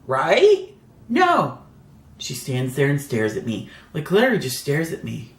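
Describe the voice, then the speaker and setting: A woman's voice: very deep voice, sing-song, moderate pace, reverberant. A woman telling a personal story in a chatty, rambling vlog style, full of "like" fillers. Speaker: beauty vlogger. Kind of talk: casual storytime.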